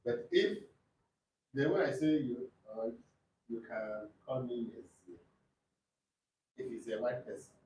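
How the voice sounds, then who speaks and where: Nigerian male student, halting and questioning; distant in an echoey room with faint room noise. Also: mid-range voice, animated, a little mellow. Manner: questioning, halting, searches for words. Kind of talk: classroom discussion.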